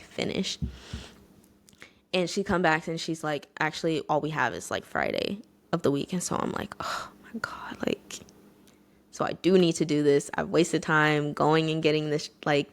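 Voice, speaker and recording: A young woman in her twenties, casually telling a candid personal story in a conversational way, full of fillers. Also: sits low. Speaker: vlogger.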